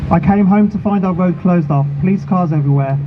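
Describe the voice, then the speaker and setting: Earnest man giving a rally speech. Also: high-pitched. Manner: earnest, measured and emotional. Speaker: charity founder speaking at a protest. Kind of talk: prepared speech at an outdoor rally. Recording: phone-like sound with clear street noise.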